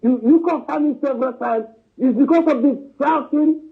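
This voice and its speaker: Over a thin, tinny phone line, a high-voiced man from southeastern Nigeria calls in to a live stream and pushes his argument hard. Speaking at a moderate pace with vocal fry, he keeps circling back with "you know" and "understand?" and calls the host his brother.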